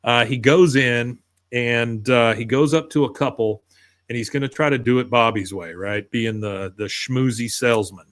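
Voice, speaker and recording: A man's voice: mid-range voice, a bit bright. A man co-hosting a podcast, casually retelling a cartoon episode scene by scene. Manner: retells scenes, putting on quick voices for quoted characters. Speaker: podcast co-host recapping episodes.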